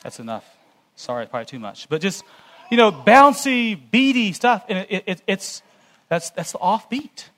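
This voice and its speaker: A man with a fairly high voice addresses a church gathering in an earnest, cautionary tone. He delivers a conversational sermon-style lecture, talking directly to the congregation. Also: very animated, moderate pace, a bit bright. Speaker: church speaker.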